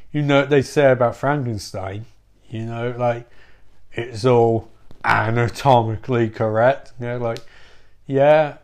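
A man telling a comic story in a rambling, profane, animated way. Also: medium pitch, a little slow. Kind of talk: comedic storytelling.

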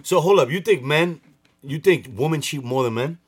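A man co-hosting a casual podcast, ribbing his partner with deadpan jabs and bits of Spanish slang. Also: a little high, normal speed, slightly rough, dry recording. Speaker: podcast co-host.

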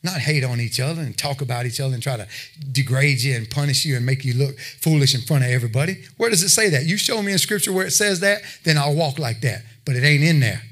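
A man's voice: medium pitch, lively intonation, fast talker, fairly bright tone. A man preaching a sermon, talking plainly with his listeners and building to emphatic exhortation. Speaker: pastor.

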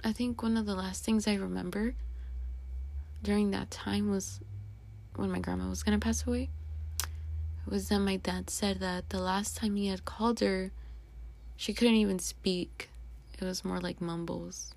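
A woman's voice: mid-range voice, fairly even intonation, moderate pace, gravelly, long pauses, darkish tone. A young woman hosting a podcast, rambling in a candid, confessional way, swearing casually and at times dropping to a whisper. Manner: rambling and confessional, drops to a whisper at sad moments. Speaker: podcast host. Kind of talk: personal monologue.

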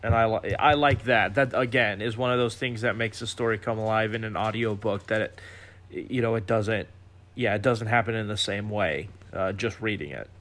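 A man's voice: lowish voice, moderate pace, a bit bright. A man guesting on a podcast, chatting casually and agreeably about a story. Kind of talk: casual book discussion.

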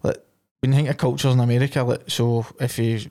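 Fast-talking blunt Scottish man. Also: mid-range voice, little pitch movement, warm tone. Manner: blunt, heavy swearing. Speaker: podcast co-host. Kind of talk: casual podcast chat.

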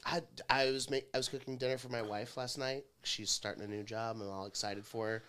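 A man hosting a casual podcast chat, animated and jokey, swearing casually. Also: medium pitch, fairly quick, clean tone.

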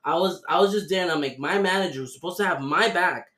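A man's voice: high voice, fast. Young man ranting in a roomy echo. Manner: animated storytelling with heavy swearing. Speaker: podcast host. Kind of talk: casual chat.

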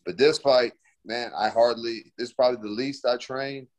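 A man's voice: mid-range voice, steady tone, moderate pace. A young man, a fighter, answering interview questions in a laid-back, slangy way full of fillers.

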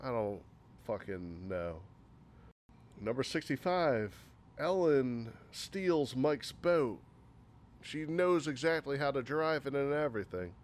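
A man at an ordinary mid pitch picks apart a movie in a loose, rambling way. He talks casually and sarcastically, dropping swear words freely as he lists complaints. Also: animated, takes it slowly, slight background noise. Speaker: movie reviewer. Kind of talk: casual spoken movie critique.

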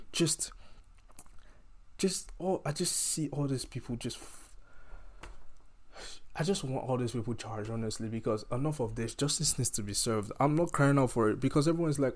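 A man's voice: medium pitch, a little mellow. Man, impassioned rant, heated, emphatic, repeats and restarts phrases.

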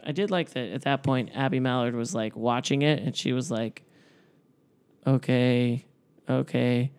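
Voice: mid-range voice, brisk. A podcast co-host chatting casually, adding wry, teasing asides. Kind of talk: casual chat.

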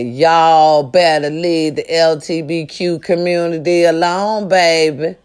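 A woman delivering a comedic rant to her viewers, loud and profane, hollering with big swings in her voice. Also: deep voice, steady tone, slow pace, hardly any pauses, clean tone.

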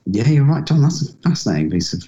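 A man's voice: medium pitch, sing-song, fast, warm tone. A young man co-hosting a casual podcast, hesitant and self-deprecating, speaking over a video call. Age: young adult. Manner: hesitant, many fillers and restarts, self-deprecating. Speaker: podcast co-host. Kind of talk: casual chat. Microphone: laptop video call. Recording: dull lo-fi call audio.

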